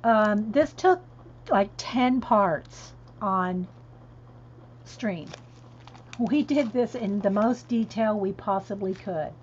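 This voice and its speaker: Speaking slowly in a mid-range voice, a woman hosting a coloring stream chats easily, laughs frequently, and responds to viewers by reading their comments aloud. Her dull, lo-fi audio carries a little hiss or hum.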